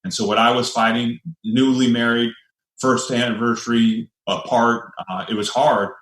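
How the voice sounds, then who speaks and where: A man in his forties from the United States, a guest and army veteran, telling his story in a measured, steady way with some restarts. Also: medium pitch. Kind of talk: personal storytelling. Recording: echoey room.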